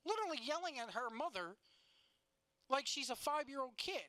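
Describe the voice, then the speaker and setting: A woman's voice: sits high, very animated, normal speed, sharp tone, dry recording. A woman co-hosting a casual chat show, telling stories animatedly and swearing freely. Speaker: podcast co-host.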